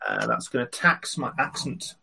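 A man playing a tabletop game, speaking in a wry, hesitant way with many ums and pauses. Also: mid-range voice, huge pitch swings, vocal fry, very noisy. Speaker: player. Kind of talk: casual tabletop game chat.

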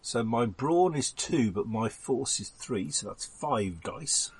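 A man playing in a tabletop game, talking in a calm, matter-of-fact way. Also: mid-range voice, takes it slowly, a crowd in the background. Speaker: player.

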